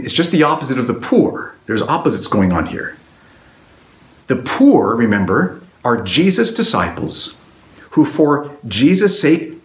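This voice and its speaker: Pastor, male, mid-pitched voice, earnest expository sermon, roomy church sound. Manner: earnest, slows down and drops low on solemn words.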